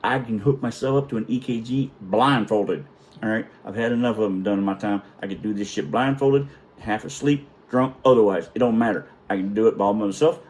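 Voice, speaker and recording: A man's voice: fairly low pitch, fairly quick, a little mellow. A middle-aged man telling a story in a casual, profane, self-mocking way.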